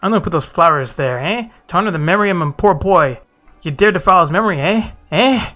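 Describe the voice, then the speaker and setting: A man voicing a grieving, suspicious old mother who nags with drawn-out taunts. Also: fairly high pitch, pushed and bright, soft background music. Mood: scolding.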